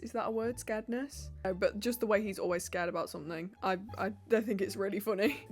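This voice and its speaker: Chatty woman vlogging. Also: mid-range voice. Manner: chatty, quick, bubbly, with frequent fillers. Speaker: YouTuber and roleplay voice actor. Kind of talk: casual Q&A vlog.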